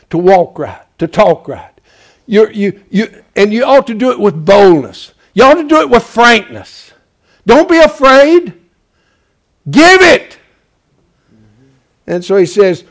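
A man preaching a fiery sermon in a high, lively voice that leaps up and down. He drives his points with loud, emphatic urging, then sinks to quiet pleading, and he scatters "bless God" through his talk. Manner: repeats "bless God" as a filler.

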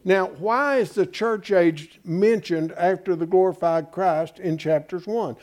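High-voiced, slow, folksy preacher. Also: male voice, a little mellow. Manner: folksy, emphatic preaching with rhetorical questions. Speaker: pastor. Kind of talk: sermon.

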